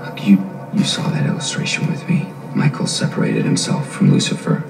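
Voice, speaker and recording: A man's voice: a bass voice, sing-song, a little fast, creaky, exaggerated voice. An actor playing a young man who urgently reassures a worried friend. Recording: distant, echoey TV sound with music.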